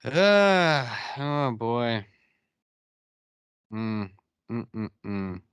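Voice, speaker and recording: With a clean-toned, mid-range voice, a male podcast host goes over a TV episode in a relaxed way. He's animated, tossing off quick impressions of the characters' lines, and the studio-quality recording is dry.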